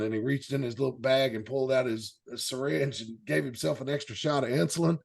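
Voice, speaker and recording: A man's voice: mid-range voice, steady tone, fairly quick, gravelly. A man hosting a casual panel show, telling rambling anecdotes with chuckling asides. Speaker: host. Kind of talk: casual storytelling chat.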